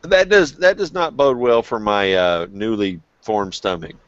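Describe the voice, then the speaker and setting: A man's voice: fairly low pitch, measured pace, dry recording, highs cut off. A man hosting a casual group chat, telling candid, profane stories full of restarts. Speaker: vlog host.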